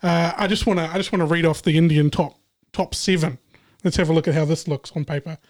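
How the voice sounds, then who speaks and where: A man's voice: fairly high pitch, fairly even intonation, fast talker. A man sharing a memory on a casual podcast, earnest and hesitant at the start of his sentences. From New Zealand. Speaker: podcast panelist. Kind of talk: casual chat.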